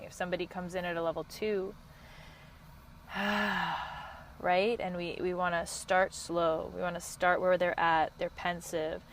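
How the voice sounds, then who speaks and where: Woman podcast host and coach, lowish voice, passionate and quick, faint hum behind. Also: low-quality recording. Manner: passionate, quick, high-energy. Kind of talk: solo podcast talk.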